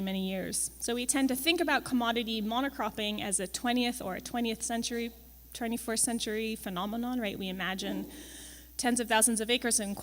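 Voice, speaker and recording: A young woman presents to an audience in a slightly high voice, in a chatty and wry manner. She fills pauses with ums and checks in with tag questions. Her voice carries the long reverb of a large event hall. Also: a bit bright. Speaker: campus farm manager giving a presentation.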